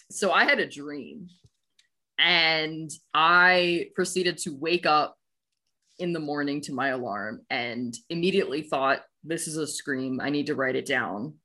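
A woman's voice: low voice, sharp tone. A young woman in her twenties co-hosting a casual podcast, telling stories playfully and correcting herself. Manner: playful storyteller, self-correcting. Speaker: podcast co-host.

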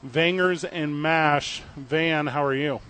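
A man's voice: a little high, fairly even intonation, slow pace, fairly bright tone, a little hiss or hum. A man co-hosting a sports talk radio show live from a pub, joking with his partner while running through the day's guests. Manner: upbeat, joking, runs the show rundown. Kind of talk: casual sports radio banter.

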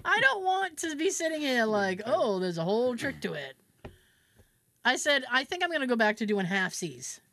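Animated podcast host woman, lively pitch. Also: moderate pace, slight background noise. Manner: animated storytelling, acts out quotes, laughs often, swears. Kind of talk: casual chat.

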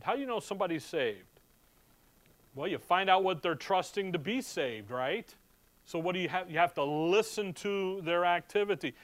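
A man's voice: on the high side, a bit bright. A middle-aged man as a pastor, preaching in a conversational way and reading scripture aloud to his church. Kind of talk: sermon.

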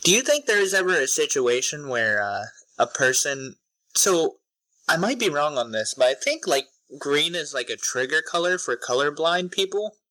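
A man's voice: fairly high pitch, big pitch swings, moderate pace, pushed and bright, no echo, rough recording. A young man co-hosting a podcast in casual chat, joking and loose, often trailing off with fillers. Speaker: podcast co-host.

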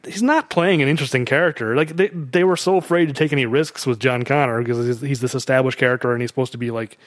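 A man in a casual, opinionated movie discussion, animated and mocking. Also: medium pitch, fast talker, no echo, clean studio sound.

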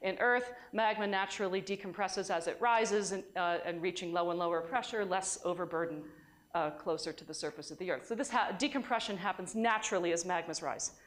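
A woman's voice: fairly low pitch, a little fast. A woman giving a university science lecture in a conversational way, often restarting her sentences. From United States.

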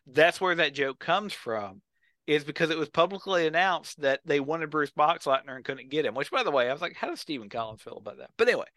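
Man, podcast co-host, bright forceful voice, smooth and clear, animated storyteller. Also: fairly high pitch, a little fast, no room sound. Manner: enthusiastic storytelling, acts out quotes. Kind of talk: casual chat.

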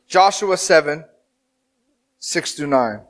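A man in his thirties preaching a sermon as pastor, telling the story with animated, dramatic acted-out quotes. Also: on the high side, slow pace.

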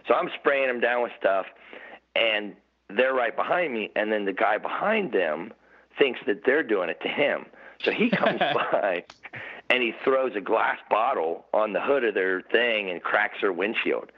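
A man's voice: on the low side, lively intonation, a little slow. A middle-aged man, a podcast guest, telling rambling, laughing stories about the old days with lots of restarts. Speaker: podcast guest, former motorcycle racer. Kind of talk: casual storytelling chat. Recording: tinny phone-like audio.

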